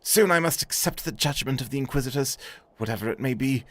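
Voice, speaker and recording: A man's voice: medium pitch, quick pace, no echo, voice pushed up, natural voice. A man voicing an earnest young nobleman in a video game, speaking in formal, old-fashioned words with a heavy heart. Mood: solemn.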